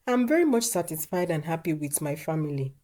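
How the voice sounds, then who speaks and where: A woman voicing a calm, reasonable husband in a storybook tale. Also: deep voice, brisk. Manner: calm, patient, reassuring.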